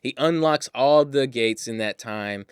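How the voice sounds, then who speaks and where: A man co-hosting a podcast, casually and excitedly retelling a movie's plot. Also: mid-range voice, measured pace, clean tone, no room sound, studio quality. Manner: animated storyteller, swears, acts out lines. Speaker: podcast co-host. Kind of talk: casual movie-recap chat.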